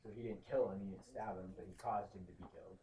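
Group member, low voice, quick, off-mic in an echoey, noisy room. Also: male voice, fairly even intonation, dark tone. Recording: distant, roomy, noisy.

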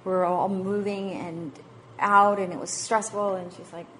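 A woman's voice: medium pitch, fairly even intonation, normal speed, a bit bright, slight background noise. A woman in her thirties, a mother of five, giving a chatty, self-mocking talk on parenting and faith to a church group, laughing often. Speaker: speaker at a parenting session.

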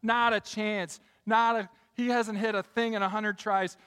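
A male pastor delivers a sermon in a large room, and his voice trails into a long reverb. He builds to emphatic peaks and then drops low and quiet for his stories. His voice is high and bright. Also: flat delivery, unhurried, clear, resonant tone.

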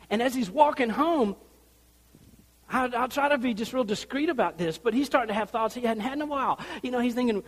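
A male pastor preaching a sermon, telling the story in an animated way and acting out the people in it. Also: high voice, brisk, big-room sound.

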